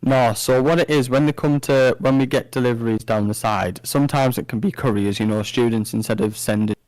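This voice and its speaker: A man's voice: mid-range voice, brisk, darkish tone, no room sound, rough recording. Sweary man telling stories. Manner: sweary, laughing storyteller. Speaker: podcast host. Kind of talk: casual chat.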